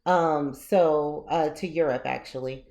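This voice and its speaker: Low-voiced woman telling a personal story. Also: unhurried. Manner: animated, laughs often while telling the story. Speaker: vlogger and memoir author.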